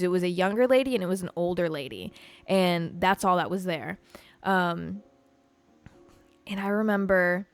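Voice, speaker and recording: Young woman podcaster rambling a personal story, swears a lot, says like constantly, soft music under it. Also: medium pitch, dry recording. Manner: chatty and profane, heavy use of "like". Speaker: podcast host. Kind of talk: casual storytelling to a stream audience.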